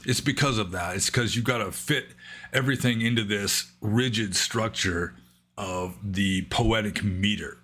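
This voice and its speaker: A man answering questions in a casual, rambling way, thinking aloud with many fillers and slowing down to read verse carefully. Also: fairly low pitch, fairly bright tone. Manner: careful, slow reading of Pali verse. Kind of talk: casual explanatory talk.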